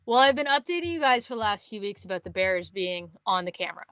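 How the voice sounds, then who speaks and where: Lively storytelling woman, dry close mic. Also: medium pitch, fast talker, smooth, no room sound. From Canada. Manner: animated storyteller, acts out quotes, laughs often. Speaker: podcast co-host. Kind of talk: casual chat.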